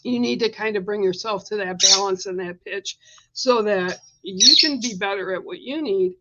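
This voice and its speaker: A woman giving a livestreamed oracle card reading with a gentle, reassuring manner, coughing now and then. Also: medium pitch, dull audio, heavy background noise. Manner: gentle, reassuring, coaxing with "right?" and "okay?". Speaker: spiritual card reader.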